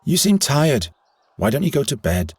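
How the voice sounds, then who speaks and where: An actor playing an earnest, defensive young outcast in a video game. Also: male voice, medium pitch, very animated, moderate pace, slightly rough, dry recording. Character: earnest young male outcast, stubborn dreamer.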